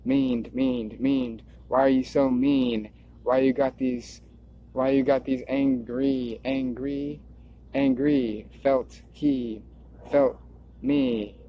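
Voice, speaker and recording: Here a male video creator speaks slowly at a medium pitch, his intonation fairly even. He drifts through a stream-of-consciousness ramble, repeating himself and circling back on ideas, captured in a dull lo-fi recording.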